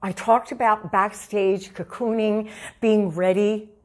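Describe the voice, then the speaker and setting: A seasoned woman vocal coach talks straight to her students. She is emphatic and repeats her key points, and she calls the listener honey. Her voice sits at a middle pitch for a woman. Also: fairly even intonation, slow pace, a little mellow. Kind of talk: direct-to-camera vocal coaching talk.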